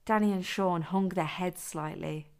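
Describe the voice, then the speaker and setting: Woman reading a story, lowish voice. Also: measured pace, darkish tone, clear, resonant tone. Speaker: author and narrator. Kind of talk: reading an adult story aloud.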